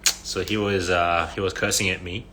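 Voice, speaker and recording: A man's voice: low voice, flat delivery, moderate pace, pushed and bright, a little hiss or hum. A young man chatting casually to fans on a phone livestream, rambling through stories with lots of fillers and frequent laughs. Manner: rambling storyteller, heavy "like" fillers, laughs often.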